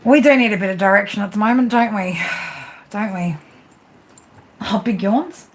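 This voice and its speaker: A woman's voice: mid-range voice, fast. A woman doing casual live-stream tarot readings, chatty and laughing, swearing freely as she talks to her viewers.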